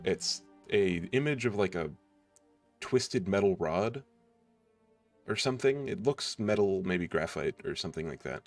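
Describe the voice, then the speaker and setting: A man's voice: low-pitched, animated, unhurried, faint music behind. A man, game master of a tabletop game, hesitantly describing the scene with many fillers.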